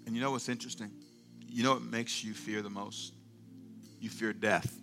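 A middle-aged male pastor preaching a sermon, moving from quiet storytelling to fervent call-and-response shouting. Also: on the low side, fairly even intonation, moderate pace, creaky, music in the background.

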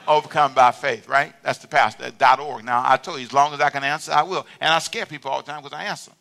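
A man's voice: mid-range voice, quick pace, creaky. A male pastor preaching a sermon in a church, talking conversationally with the congregation and calling for amens. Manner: animated, conversational preaching with call-and-response. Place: church sanctuary.

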